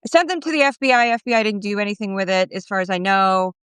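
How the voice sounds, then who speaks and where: A woman guest in a casual interview, her voice smooth and clear in a dry, close-miked sound. She tells her stories with animation and slips into other people's voices when she quotes them. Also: mid-range voice, lively intonation, fast, fairly bright tone, dry recording. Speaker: guest commentator.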